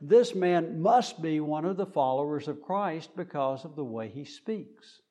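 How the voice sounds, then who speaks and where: Slow-speaking male preacher. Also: a little high, expressive, warm tone. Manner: slow, deliberate, with frequent fillers. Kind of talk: sermon.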